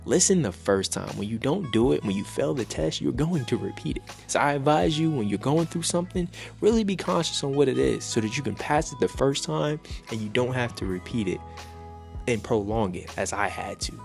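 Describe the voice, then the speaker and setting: A man's voice: medium pitch, animated, brisk, gravelly, a little mellow. A man giving a personal faith testimony to camera, earnest and reflective, repeating phrases as he builds feeling, over faint music. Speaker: faith vlogger sharing a testimony.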